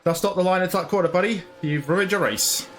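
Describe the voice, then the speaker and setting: A man's voice: high-pitched, fast talker, a bit bright, soft background music. A man commentating his own racing game, frustrated and ranting. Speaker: gaming channel host.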